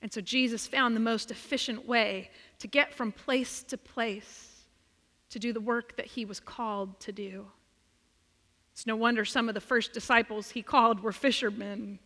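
A woman preaches a sermon, retelling a scripture story at a slow, deliberate pace. She rises to loud, emphatic questions and drops to hushed near-whispers. Her bright voice rings out into a large hall with a long echo. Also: high-pitched.

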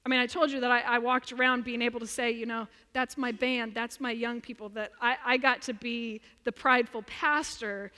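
High-voiced woman pastor preaching. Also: flat delivery, moderate pace, hardly any pauses, bright, forceful tone. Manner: earnest, emphatic preaching with repetition. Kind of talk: sermon. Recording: long reverb of a large room.

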